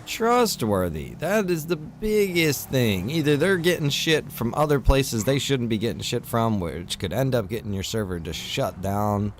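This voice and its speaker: A man's voice: mid-range voice, lively intonation, normal speed, few pauses, a little hiss or hum. A man talking casually to his stream viewers, venting and swearing while he tells a frustrated story. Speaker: streamer and server owner.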